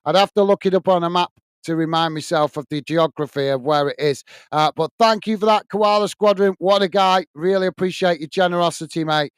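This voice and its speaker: Chatty high-voiced British fan host. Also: male voice, a little fast, clean tone, no room sound. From United Kingdom. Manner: chatty, thanks viewers by name, frequent fillers. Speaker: watch-along host. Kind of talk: live match commentary and chat reading.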